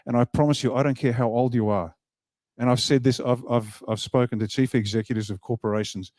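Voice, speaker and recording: A man's voice: mid-range voice, a little fast, dry recording, studio quality. A man giving an emphatic motivational speech at an event, joking with the crowd. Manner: emphatic, animated, jokes with the crowd. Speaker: party leader giving a speech. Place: event hall.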